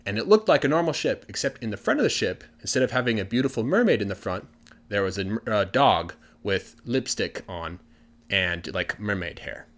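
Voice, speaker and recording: A man's voice: lowish voice, lively intonation, normal speed, fairly bright tone. A man telling a fairy tale in a casual, chatty way, dropping in fillers like "you know" and "like". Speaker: storyteller. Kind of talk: casual storytelling for English listening practice.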